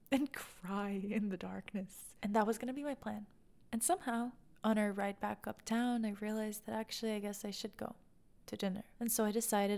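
A young woman with a fairly high but mellow voice tells a confessional story from her own life. She is candid and self-deprecating, and at times her voice sinks to a soft, breathy near-whisper. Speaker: podcast host.

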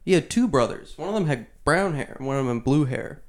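A man's voice: mid-range voice, expressive, quick pace. A young man and podcast co-host rambling through playful, casual banter with a friend. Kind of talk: casual chat.

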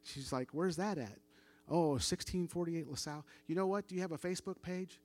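A man's voice: a little high, a little fast, a little mellow. A middle-aged man telling a story as a church testimony, casual and conversational, acting out the dialogue of the people he quotes. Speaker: church member giving testimony.

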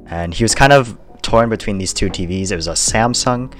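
A young man with a very low voice, telling a store story at an easy, rambling pace and laughing along the way. Faint music plays softly behind him. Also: brisk. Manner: laid-back, laughs often, rambling with fillers. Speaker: podcast co-host. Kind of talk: casual chat.

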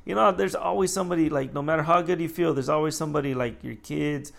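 A young adult man, a store manager, casually telling work stories in an animated way, acting out the people he quotes with a raised voice and swearing freely. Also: fairly high pitch, quick pace, gravelly. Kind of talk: casual storytelling vlog.

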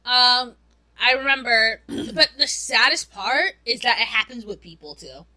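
Young woman, very bright tone, slightly high, candid rambling chat, swears freely. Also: expressive, a little slow, rough recording. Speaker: podcast co-host. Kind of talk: casual chat.

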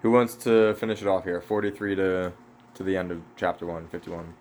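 A man's voice: deep voice, little pitch movement, brisk, darkish tone, slight background noise. A man leading a casual Bible study discussion, laid-back and slangy, saying "like" a lot. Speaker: Bible study group leader.

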